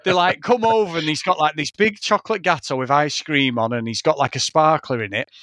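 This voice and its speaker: Bloke, mid forties, rambly excited chat, bit high voice, dry close mic. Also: male voice, brisk, no room sound. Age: 40s. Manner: animated rambling storytelling, frequent swearing. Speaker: podcast co-host. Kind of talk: casual chat.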